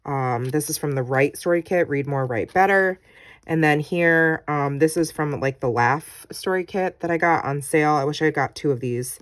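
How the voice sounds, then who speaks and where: A woman's voice: sits low, normal speed. A woman vlogger casually walking through her scrapbook pages, chatty and full of ums, reading her own journaling aloud. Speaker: crafting vlogger.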